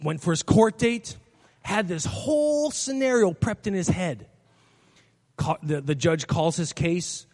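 A man preaching a sermon, retelling stories with lively acted-out voices. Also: high voice, measured pace, big-room sound. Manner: animated, acts out voices in stories. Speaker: pastor. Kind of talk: sermon with storytelling.

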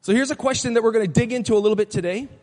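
Man, pastor, high voice, emphatic preaching, long hall reverb. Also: rapid-fire, a little mellow. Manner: emphatic, declarative preaching with rising intensity. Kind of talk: sermon. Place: church sanctuary.

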